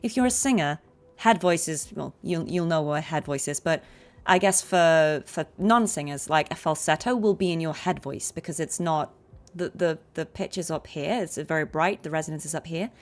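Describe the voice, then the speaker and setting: A young adult woman, a voice actress, chatting casually on a livestream and explaining voice technique with quick demonstrations. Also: low-pitched. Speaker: voice actress streaming a game.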